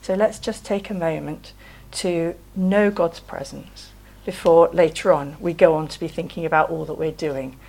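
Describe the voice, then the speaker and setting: A woman giving a gentle, conversational sermon, often asking the listeners tag questions. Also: low voice, steady tone, normal speed, rough recording. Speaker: preacher.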